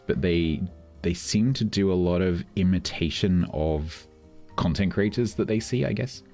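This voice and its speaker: A man's voice: deep voice, unhurried, dark tone. A middle-aged man from London with a London accent, chatting casually with his stream chat, explaining things with many restarts. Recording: faint background music.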